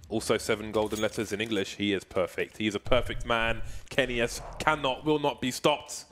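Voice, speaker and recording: A man calling a competitive match with a joking, bantering delivery in a mid-range voice. He swings from teasing asides to fired-up calls when the action peaks. Soft hiss lies in the background. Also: mid-range voice, normal speed, few pauses. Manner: jokey, playful banter, hyped on big plays. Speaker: esports commentator. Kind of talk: live color commentary.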